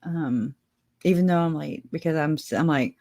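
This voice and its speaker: In a low, dark-toned voice at normal speed, a woman hosts an easygoing livestream. She is chatty and prone to rambling, laughing often as she speaks directly to her audience.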